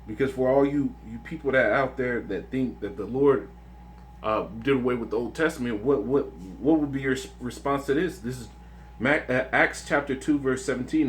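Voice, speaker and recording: A man's voice: medium pitch, animated, normal speed, slight background noise. Earnest man giving casual religious testimony. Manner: earnest and conversational, with many restarts and "man". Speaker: religious video speaker. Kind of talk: informal religious testimony and scripture reading.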